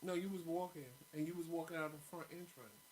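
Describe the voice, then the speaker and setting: A man's voice: fairly high pitch, fast talker, slight background noise, poor audio. A man co-hosting a show, telling a story in a casual, blunt and profane way. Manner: blunt, profane, animated retelling. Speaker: co-host.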